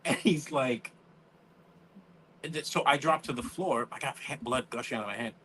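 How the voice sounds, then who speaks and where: A man's voice: medium pitch, normal speed, bright, forceful tone, a little hiss or hum, poor audio. A man, telling stories in casual chat, acting out quotes and swearing freely. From New York. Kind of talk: casual storytelling.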